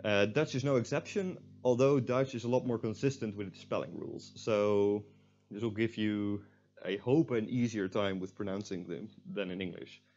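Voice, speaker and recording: A man's voice: fairly low pitch, normal speed, darkish tone, muffled recording. A young man teaching a recorded language lesson, explaining step by step with frequent fillers.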